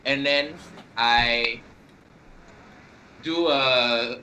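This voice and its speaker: A man with a Singaporean accent playing in a tabletop wrestling game, talking casually, with some swearing and halting restarts. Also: medium pitch, fairly even intonation, bright, forceful tone, a little hiss or hum, rough recording. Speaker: player.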